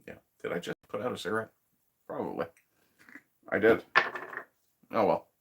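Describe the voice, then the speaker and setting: A man's voice: fairly low pitch, lively intonation, moderate pace, gravelly, breathy edge. A man hosting a casual livestream from his woodshed, reading viewer chat in a laid-back, profane way with frequent chuckles.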